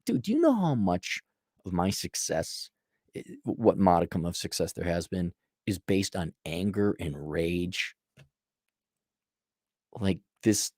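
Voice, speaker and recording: A man's voice: low-pitched, big pitch swings, unhurried, a little mellow, dry recording, studio quality. A man giving blunt, profane life advice in a sarcastic monologue.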